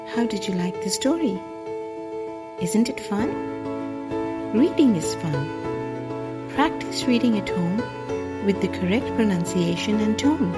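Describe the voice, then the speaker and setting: Slow, careful woman storybook reader for children, husky, faint music underneath. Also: medium pitch, lively intonation, warm tone. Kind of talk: read-along storybook narration.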